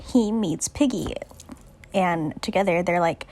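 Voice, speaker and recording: A woman's voice: on the low side, normal speed, pauses often, a little mellow. Chatty teen girl rambling. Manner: rambling, jokey, full of "like". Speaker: student doing a book summary. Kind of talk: casual chat.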